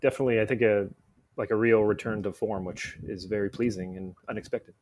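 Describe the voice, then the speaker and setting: A man's voice: fairly low pitch, fairly even intonation, brisk, darkish tone, a little hiss or hum. A man speaking as a guest film critic in a casual podcast conversation, rambling with lots of "like" fillers.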